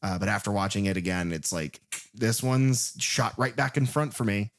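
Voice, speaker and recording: A man's voice: fairly low pitch, fairly even intonation, normal speed. Man rambling through casual podcast stories. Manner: rambling storyteller, enthusiastic, swears casually. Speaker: podcast co-host. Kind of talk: casual film chat.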